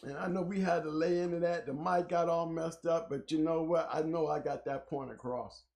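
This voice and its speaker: High, gravelly-voiced man joking around. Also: fairly even intonation, normal speed, darkish tone. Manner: joking, slangy, teasing. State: voice sounding rough. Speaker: co-host. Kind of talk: casual talk show banter.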